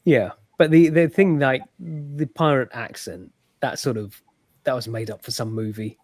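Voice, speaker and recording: A man in a casual podcast chat, laid-back and quick to laugh. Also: mid-range voice, steady tone, no room sound. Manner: laid-back, laughs often, short agreements.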